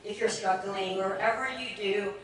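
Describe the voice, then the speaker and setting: A woman's voice: mid-range voice, fairly even intonation, moderate pace, slight background noise. A woman giving an earnest, emotional toast at a party. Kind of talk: heartfelt speech. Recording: echoey room from far off.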